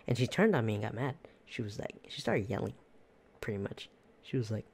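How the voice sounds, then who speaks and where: A laid-back podcast host recounting a work story in a loose, rambling way, laughing often. The voice is dark and mellow, at a middle pitch. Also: quick pace, gravelly, slightly rough. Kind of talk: casual storytelling.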